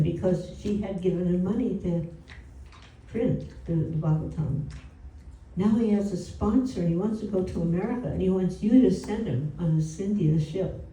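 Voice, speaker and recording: A woman's voice: lowish voice, normal speed, warm tone. A woman telling a story at a devotional home program, in a conversational way with lots of "you know" asides. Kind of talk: storytelling talk. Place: indoor gathering room. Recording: roomy and distant from the mic.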